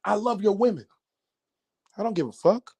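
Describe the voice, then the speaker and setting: A man hosting a podcast, ranting loudly in a profane, mocking monologue with an American accent. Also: high voice, moderate pace, husky. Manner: loud, animated, cursing, mocking. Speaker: podcast host.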